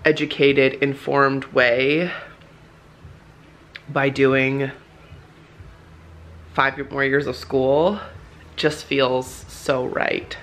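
Slow, low-voiced young woman vlogger. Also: level tone, fairly bright tone, a little hiss or hum. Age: young adult. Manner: emotional, chatty, frequent "like" fillers. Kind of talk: casual vlog chat. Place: home office. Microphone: handheld camera.

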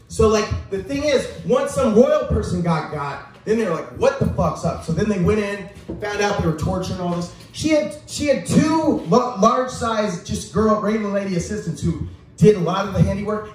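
A man performing a crude, rambling stand-up set at a small bar, halting and restarting often. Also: sits high, a little mellow. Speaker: open mic comedian. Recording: echoey room heard from far off.

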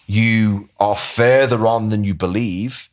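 Enthusiastic coach, fairly low voice. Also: male voice, takes it slowly. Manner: enthusiastic, agreeable, with frequent yeahs. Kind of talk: casual chat.

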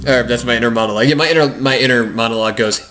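A man's voice: mid-range voice, racing, pushed and bright. Sarcastic, profane man commenting on a game. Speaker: gaming commentator. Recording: game music behind.

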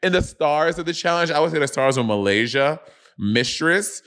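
A man's voice: fairly high pitch, expressive, normal speed, fairly bright tone. A man co-hosting a casual review podcast over a video call, sassy and opinionated. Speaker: podcast co-host.

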